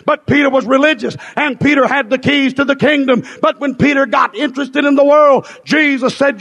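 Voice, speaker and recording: A man preaching a fiery revival sermon in a strikingly high, gravelly voice, hammering out repeated phrases in shouted bursts. His voice rings through a church hall with a long, reverberant tail. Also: fairly quick, hardly any pauses. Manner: shouting, rhythmic repetition, rising and falling in bursts.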